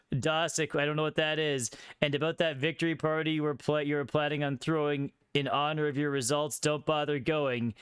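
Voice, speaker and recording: Male streamer, sarcastic and jokey, smooth clear voice on a dry close mic. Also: a little high, a bit bright, no room sound. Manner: sarcastic, jokey, reads quiz questions aloud. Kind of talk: casual live gameplay commentary.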